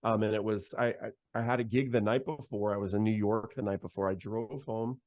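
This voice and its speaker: A man's voice: lowish voice, fairly even intonation, fairly quick, a little mellow, no echo. A young man, a saxophonist guest, telling a story in a loose, chatty way with lots of "like" and "man". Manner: chatty, heavy use of "like" and "man". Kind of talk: casual storytelling.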